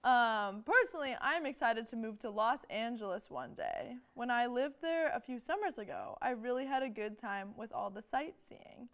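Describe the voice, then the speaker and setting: Casting: young woman co-host, dry deadpan humor, slightly high voice. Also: smooth. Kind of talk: comedic college talk show banter.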